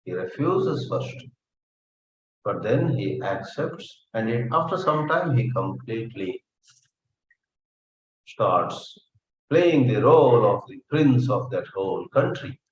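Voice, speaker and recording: Slow, measured man teaching scripture. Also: on the low side, expressive. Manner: slow, storytelling, softly explanatory. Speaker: spiritual teacher. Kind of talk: scripture class discourse. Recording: echoey, somewhat dull room recording.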